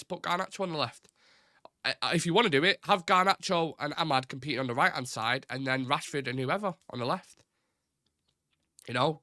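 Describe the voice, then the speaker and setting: A man's voice: mid-range voice, sharp tone, no echo, studio quality. A man hosting a football fan live stream, talking casually and at length, rambling with strong opinions and the odd swear word. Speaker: host of a football fan show.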